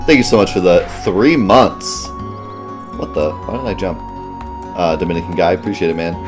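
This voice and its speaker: A man's voice: deep voice, brisk, over music. A man hosting a let's play, giving casual gameplay commentary and muttering asides while he reads menus.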